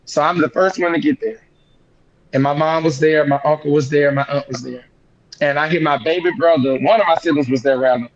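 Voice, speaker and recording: A young man telling a painful family story in an interview, halting and repeating himself, his voice rising when he relives the shock. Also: fairly high pitch, steady tone, lo-fi sound. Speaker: guest singer.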